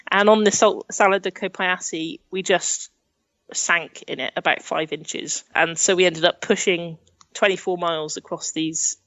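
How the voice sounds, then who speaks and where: A woman's voice: on the low side, steady tone, normal speed, a bit bright, dry recording. A young woman from England telling travel stories in a chatty way. She laughs often and acts out the things people said. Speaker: podcast guest, adventurer. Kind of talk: casual storytelling in an interview.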